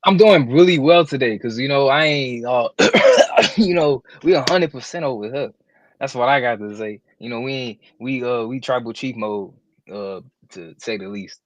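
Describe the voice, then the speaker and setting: A man's voice: medium pitch, lively intonation, moderate pace. A man co-hosting a live wrestling podcast, talking with boastful, playful trash talk. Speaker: podcast co-host. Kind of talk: casual live podcast chat.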